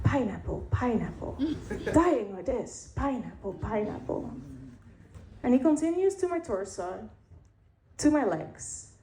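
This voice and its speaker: A woman telling a frank personal story, candid and wry, with pauses for effect. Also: medium pitch, warm tone, slight background noise. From Netherlands. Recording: roomy echo.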